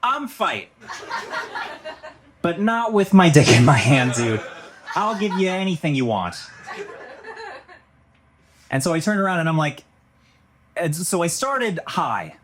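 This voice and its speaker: A man telling a crude, profane story stand-up style, animated and laughing as he goes. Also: on the high side, measured pace, pauses often, background noise.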